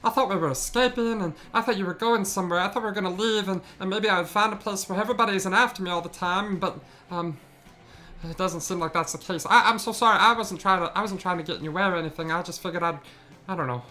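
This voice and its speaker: A frightened little goblin boy, as a man puts him on, high and trembling, tripping over his words as he apologises. The voice is bright and thin, well above the performer's own register. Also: quick pace, soft background music. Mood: scared pleading. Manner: timid, stammering, pleading. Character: scared little blue goblin boy with big ears.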